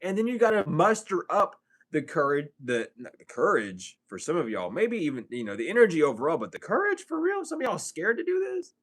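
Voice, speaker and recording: A man's voice: wildly swooping pitch, fairly quick, fairly bright tone. A man giving a casual spiritual reading, profane and streetwise, full of rhetorical questions. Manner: swings from low mutter to high exclaims. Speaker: spiritual reader.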